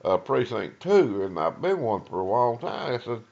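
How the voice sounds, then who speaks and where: An older man with an East Texas Southern accent telling an oral-history story, halting with many uhs and acting out what people said. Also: mid-range voice, big pitch swings, creaky, a little mellow, lo-fi sound. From East Texas, USA. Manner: rambling, halting with many uhs, acts out quoted dialogue. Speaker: retired lawman and Vietnam veteran telling his story.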